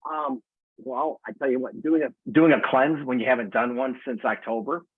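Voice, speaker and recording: Man, 60s, casual guest on a video call; husky voice, lively storytelling, lo-fi phone-like sound. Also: mid-range voice, moderate pace, no echo. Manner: animated storyteller, acts out quoted voices. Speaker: guest community member.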